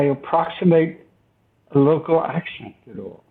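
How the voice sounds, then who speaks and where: A man's voice: medium pitch, measured pace, gravelly. An older man, a guest recalling his past, speaking thoughtfully with hesitant restarts. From United States. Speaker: interview guest. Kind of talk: reflective storytelling. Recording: tinny phone-line sound.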